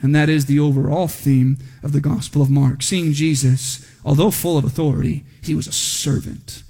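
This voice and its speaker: A man's voice: fairly high pitch, flat delivery, moderate pace, vocal fry, mellow. A man preaching an expository sermon in a church service, speaking conversationally, often asking the congregation "right?", and rising animatedly when reading quoted speech. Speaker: pastor. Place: church sanctuary during a service. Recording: long hall reverb.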